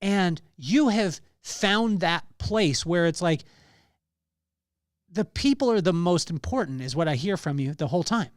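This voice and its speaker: A high-voiced man from California hosts a podcast with enthusiastic, effusive energy. His voice is smooth and clear. The sound is dry and close to the mic. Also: expressive, a little slow, no echo. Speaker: podcast host. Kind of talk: podcast interview.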